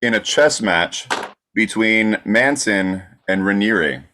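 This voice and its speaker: A man's voice: lowish voice, lively intonation, slow pace, noisy background. Hesitant male podcast co-host. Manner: hesitant, reads questions with fillers. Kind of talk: casual chat.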